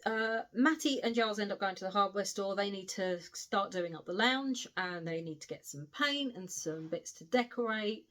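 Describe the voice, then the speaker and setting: A woman's voice: mid-range voice, moderate pace, few pauses, fairly bright tone. A woman giving a casual spoken book review, recounting the plot in a chatty way with frequent asides.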